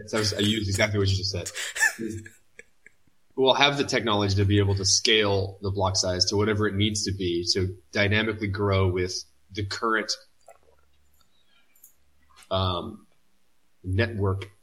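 Low-voiced man thinking aloud. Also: fairly even intonation, normal speed, pauses often, fairly bright tone, poor audio. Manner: thoughtful, searching for words, repeats himself. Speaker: podcast co-host. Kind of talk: casual podcast chat.

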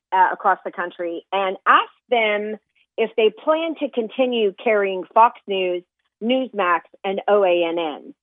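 A woman's voice: medium pitch, no room sound. A woman joining a radio show as guest, speaking in an indignant, emphatic way. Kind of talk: phone-in interview. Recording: tinny dry phone line.

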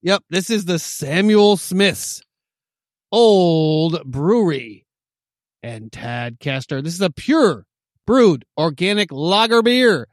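A man co-hosting a podcast in casual chat, rambling with many fillers in a relaxed way. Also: sits high, takes it slowly, no room sound, clean studio sound. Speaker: podcast co-host.

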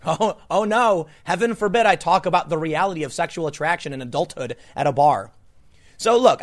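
Incredulous, emphatic male political commentator. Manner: incredulous and emphatic, with frequent restarts and sharp swings in pitch. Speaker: podcast host and commentator.

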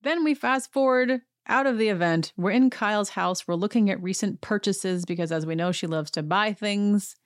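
A woman's voice: mid-range voice, normal speed, hardly any pauses, no room sound, clean studio sound. A woman hosting a podcast, giving a chatty and wry recap of a TV episode. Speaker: podcast host. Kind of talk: casual TV recap monologue.

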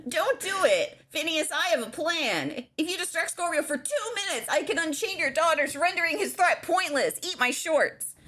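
A woman voicing a bratty, cocky cartoon boy in a high kid voice, as a reading among friends. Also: lively intonation, unhurried, pushed and bright, full character voice.

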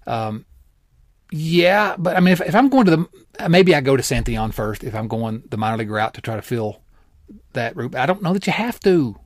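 A man's voice: mid-range voice, sing-song, fairly quick, no room sound, studio quality. Easygoing male sports podcast host. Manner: easygoing, rambling with fillers and playful teasing. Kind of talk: casual sports talk.

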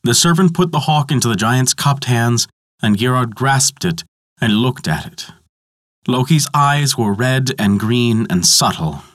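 A man narrating a mythology story in a measured, dramatic storytelling manner. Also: mid-range voice, expressive, fairly bright tone, no echo, clean studio sound.

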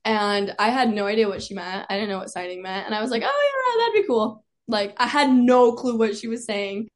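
A woman's voice: medium pitch, fairly even intonation, a little fast. Chatty young woman, storytelling. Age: young adult. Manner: chatty, peppered with "like", laughs often. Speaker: guest, college cheerleader. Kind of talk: casual storytelling.

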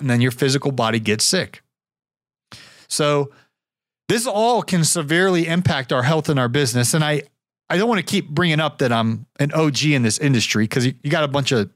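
A man's voice: medium pitch, a bit bright, dry recording, studio quality. A man hosting a podcast, talking alone in a rambling, casual way, repeating words and chuckling now and then. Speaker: podcast host. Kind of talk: solo podcast talk.

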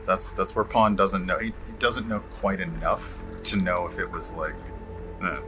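Deep-voiced man, halting tabletop player. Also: over music. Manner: halting, thoughtful. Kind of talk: tabletop game play.

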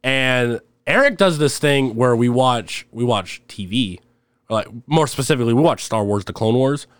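A man's voice: mid-range voice, expressive, moderate pace, clean tone, no echo. A young man telling rambling, laugh-filled stories as a guest on a casual podcast. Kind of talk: casual storytelling chat.

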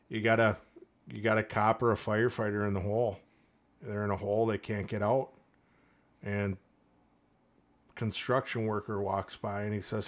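A man with a fairly low voice talks earnestly as a podcast guest. He tells a parable in a plain, heartfelt way and gives each character a quick voice. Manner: earnest, storytelling with quoted voices. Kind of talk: casual podcast conversation.

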